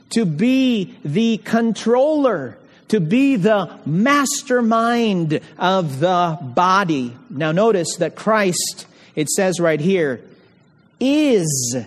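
A man preaching an expository sermon, emphatic, repeating key phrases and putting questions to the congregation. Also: fairly high pitch. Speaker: pastor. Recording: long hall reverb.

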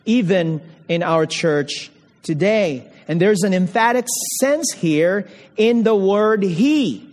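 A man's voice: sits high, slow. A man preaching an expository sermon, emphatic, repeating key phrases and putting questions to the congregation. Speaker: pastor. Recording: long hall reverb.

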